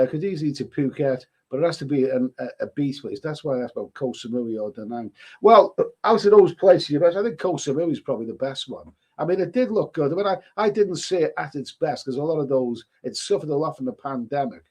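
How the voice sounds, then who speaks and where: With lively intonation and a slightly mellow, high-leaning voice, an older Scouse man from Liverpool runs a travel live stream at a brisk pace. He rambles casually, keeps restarting and calls his viewers "mate."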